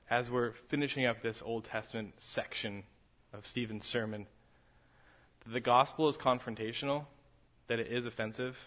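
A man preaching a sermon, moving from quiet reflection to a fervent, raised delivery. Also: mid-range voice. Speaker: pastor.

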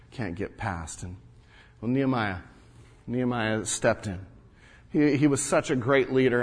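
A man playing an earnest, indignant wall-builder and father from ancient Jerusalem, telling his story in the first person and tripping over repeated words. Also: fairly low pitch. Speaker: first-person biblical character monologue.

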